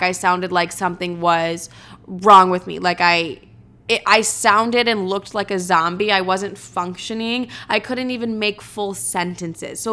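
A woman's voice: mid-range voice, pushed and bright. A woman in her twenties hosting a podcast, telling stories in a candid, rambling way and swearing freely. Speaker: podcast host. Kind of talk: casual storytelling monologue.

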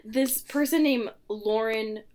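A woman co-hosting a podcast in casual chat, animated and quick to laugh as she rants. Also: fairly high pitch, background noise. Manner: animated, ranting, laughs often. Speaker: podcast co-host.

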